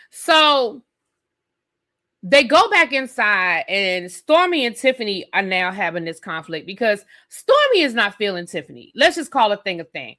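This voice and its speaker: A woman's voice: medium pitch, very animated, moderate pace, bright, forceful tone. A woman hosting a live stream who reviews a TV episode in an opinionated, sassy rant and talks straight to her viewers.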